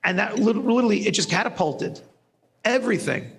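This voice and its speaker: A man's voice: sits high, animated, a little fast, creaky, a bit bright. A man speaking at an event, telling a rambling, self-mocking story and laughing often. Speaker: guest speaker. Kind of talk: humorous storytelling talk. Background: faint music.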